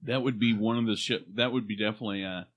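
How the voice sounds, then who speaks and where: A man's voice: on the low side, steady tone, fast, muffled recording. A man from Oklahoma hosting a podcast, rambling and joking in casual banter. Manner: rambling, jokey, stumbles. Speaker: podcast host.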